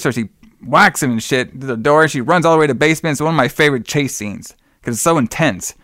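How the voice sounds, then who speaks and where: Recorded dry with studio quality, this man speaks at a medium pitch and a quick pace as he recaps a film for a podcast. His casual, filler-heavy retelling moves scene by scene, and he curses freely while shouting out characters' lines in character.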